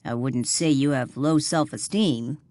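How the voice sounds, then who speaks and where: A woman's voice: extremely low pitch, measured pace, a little mellow, no room sound. A woman doing a wry laid-back man. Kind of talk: audiobook character voice.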